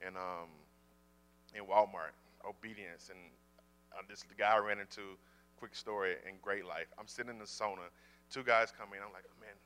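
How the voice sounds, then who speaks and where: A man in full-time ministry telling a personal faith story in a casual, animated way, often repeating words. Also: fairly low pitch, clean tone.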